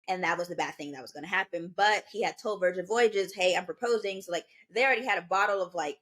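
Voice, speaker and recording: Animated young woman telling a story. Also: on the low side, quick pace. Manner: animated, acts out quoted voices. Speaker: podcast co-host. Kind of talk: casual storytelling chat.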